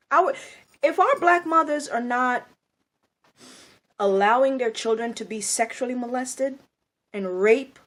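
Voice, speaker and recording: A woman's voice: on the high side, fairly bright tone. A woman speaking in a blunt, scolding monologue, angry and firing off rhetorical questions. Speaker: video commentator.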